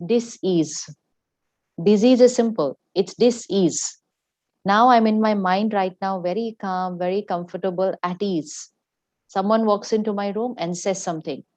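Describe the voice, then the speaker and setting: A woman's voice: mid-range voice, a little mellow, dry recording. A woman giving a motivational spiritual talk as a teacher, emphatic and instructive, who repeats her key phrases for effect. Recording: dull, dry lo-fi sound.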